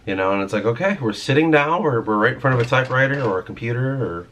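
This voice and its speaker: A man's voice: mid-range voice, racing, a bit bright, slight background noise. Frustrated, swearing man venting on a vlog. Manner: frustrated, rambling, swears freely. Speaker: vlogger and writer. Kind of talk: casual ranting vlog.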